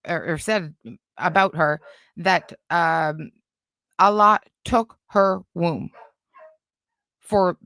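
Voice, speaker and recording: A woman's voice: medium pitch, bright, forceful tone, dry recording. A woman hosting a casual commentary stream, talking in a sarcastic, rambling way with lots of fillers. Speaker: commentary channel host.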